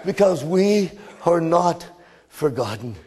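Male preacher, high-pitched, impassioned storyteller, booming then hushed. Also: expressive, takes it slowly. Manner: impassioned storytelling preacher, swinging between loud cries and hushed drops. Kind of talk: sermon.

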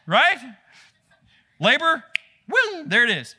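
A man preaching a sermon, animated and talking straight to his listeners. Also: high voice, normal speed. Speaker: pastor.

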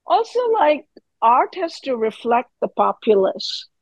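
A woman's voice: fairly high pitch, unhurried, slightly rough, dry recording, rough recording. Earnest woman in her fifties, dry close sound. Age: 50s. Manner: earnest, animated, trails off with fillers. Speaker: actress guest. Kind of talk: casual interview chat.

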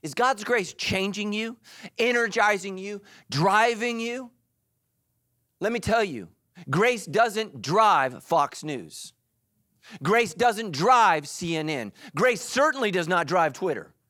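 A middle-aged man preaching a sermon in church, animated and joking, breaking into quick quoted voices. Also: high-pitched, no echo, clean studio sound. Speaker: pastor. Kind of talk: energetic sermon.

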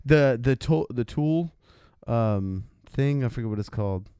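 A man talks slowly in a relaxed podcast chat, often stumbling and repeating words before he finds his point. His pitch moves around a lot as he speaks. The mic sound is dry and close. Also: smooth, no echo. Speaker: podcast co-host. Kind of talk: casual chat.

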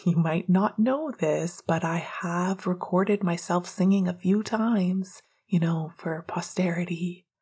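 A woman voicing a playful man flirting while he cooks, in a soft, hushed delivery in an audiobook reading. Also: high voice, takes it slowly, hardly any pauses, slightly rough, full character voice. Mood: gentle. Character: teasing flirtatious man cooking.

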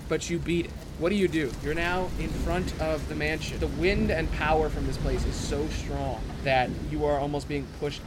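A man's voice: on the high side, background noise. A young man narrating a tabletop game as game master, casual and swearing freely.

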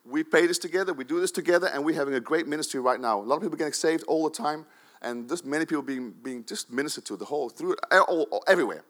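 A man preaching a sermon to his congregation in a church, urging them on with sudden emphatic bursts. His fairly high voice drops to quiet, personal asides in between. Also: fast. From Netherlands. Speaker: pastor.

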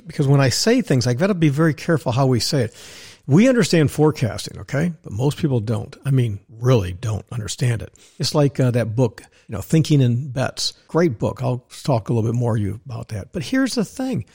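Older guy ranting on his podcast, blunt and fired up, kinda husky voice. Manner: blunt, ranting, animated, mocks others in put-on high voices. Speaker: podcast host. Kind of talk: opinionated solo talk.

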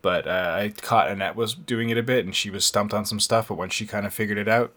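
A man's voice: lowish voice, fast, fairly bright tone. A man hosting a podcast in casual chat, talkative and laughing often. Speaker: podcast host.

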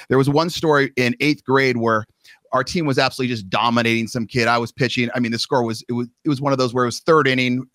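A man's voice: medium pitch, a bit bright, no room sound, studio quality. A man hosting a podcast, telling stories in a rambling, casual, self-deprecating way and acting out the quoted lines. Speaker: podcast host. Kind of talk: casual storytelling.

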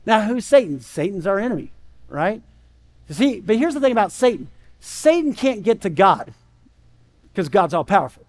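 Very animated and high-pitched, the pastor preaches at normal speed with frequent pauses, conversationally tossing out "right?" and acting out the voices he quotes.

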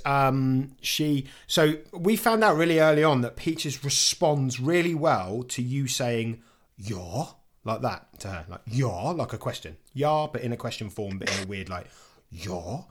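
A man's voice: mid-range voice, measured pace. A man hosting a podcast in casual chat, joking and laughing often. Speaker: podcast host.

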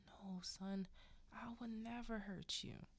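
A woman voicing a frightened father just woken from a nightmare, in a hushed, trembling whisper. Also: mid-range voice, steady tone, unhurried, creaky. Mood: shaken whisper. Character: shaken, whimpering adult father waking from a nightmare.

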